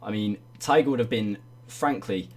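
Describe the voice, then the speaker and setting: A man's voice: on the low side, normal speed. Profane, mocking man hosting. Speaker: host. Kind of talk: comedic livestream awards banter.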